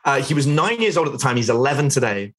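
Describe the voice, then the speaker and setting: Animated man teaching a live webinar. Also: mid-range voice, fast. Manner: chatty, asks the chat questions, lots of "like" and "right?". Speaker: online business instructor.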